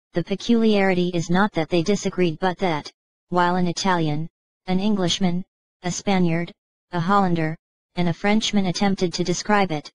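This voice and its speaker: A woman with a lowish voice reads an old mystery tale aloud at a measured, even pace. The sound is dry and close, with no room around it. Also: dry recording, rough recording. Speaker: audiobook narrator. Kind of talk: scripted narration.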